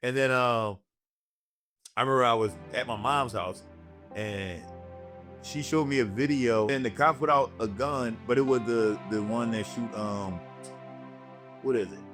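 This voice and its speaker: A young man hosting a loose comedy podcast, his voice sitting mid-range. He tells stories in a profane, animated way and jumps into exaggerated voices for the people in them. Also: mid-range voice, measured pace, pauses often, music in the background. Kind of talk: casual storytelling chat.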